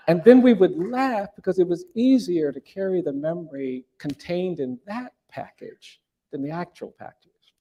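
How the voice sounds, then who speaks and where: A man's voice: fairly high pitch, lively intonation, moderate pace, a little mellow. A middle-aged man telling a personal story in an earnest, reflective way, often restarting his sentences and rising for emphasis.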